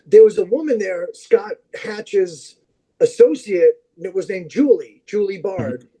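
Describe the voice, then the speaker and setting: High-voiced man telling rambling stories. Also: a little slow, breathy edge, poor audio. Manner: rambling, animated anecdotes with many fillers. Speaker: podcast guest. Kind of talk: casual storytelling chat.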